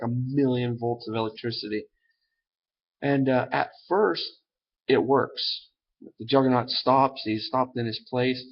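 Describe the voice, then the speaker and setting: A man's voice: medium pitch, highs cut off, slight background noise. A man casually retelling a comic book plot in a rambling way, full of fillers and loose asides. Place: at home.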